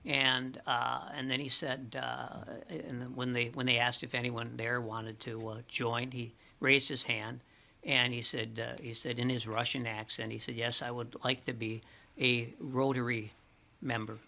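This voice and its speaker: A man with a strikingly bright, forceful tone spins a rambling story as a talk-show guest. He restarts his sentences often and grows animated as he goes. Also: mid-range voice, unhurried, creaky. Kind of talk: casual chat, storytelling.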